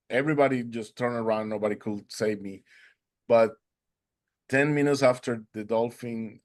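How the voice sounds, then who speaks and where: A man earnestly telling a personal story, halting and restarting as he goes. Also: on the low side, a little mellow.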